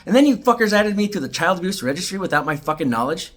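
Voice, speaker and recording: A man's voice: sits high, animated, fast talker. Angry, profane man ranting to camera. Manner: profane, heated, swings between shouting and tired muttering. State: tired and frustrated. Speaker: parent speaking out about a custody case. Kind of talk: angry ranting video monologue.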